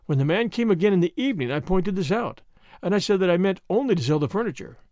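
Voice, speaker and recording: A genteel, earnest older lady, as a man puts her on. Her polite speech is high and animated. The storybook recording is dry and close. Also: fast talker, dry recording. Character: genteel, worried elderly widow lady. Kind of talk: audiobook character voice.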